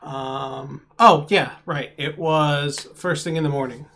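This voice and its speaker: A man running a tabletop game as game master, talking in a halting way with many pauses and restarts. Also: a little high, steady tone, a bit bright, a little hiss or hum. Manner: halting, full of ums and restarts.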